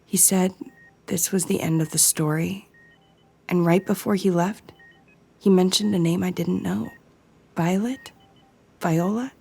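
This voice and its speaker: A woman voicing an ill, feverish teenage girl with a hoarse, hushed, breathy voice. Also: lowish voice, fairly even intonation, measured pace, pauses often, full character voice.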